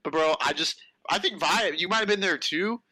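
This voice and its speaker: A man's voice: sits high, moderate pace, dry recording, rough recording. A young man co-hosting a casual podcast chat, telling stories with lots of swearing and acting out other people's lines. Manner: animated storyteller who acts out other people's lines, swears a lot. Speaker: podcast co-host.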